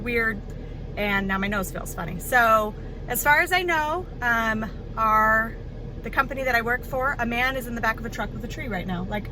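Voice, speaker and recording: A woman with a slightly high voice tells a story in a chatty, expressive vlog, filling her pauses with "um" as she goes. She sits in a car, and passing traffic is clearly heard behind her. It sounds like a casual phone video. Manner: chatty, expressive, many fillers. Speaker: nursing home worker.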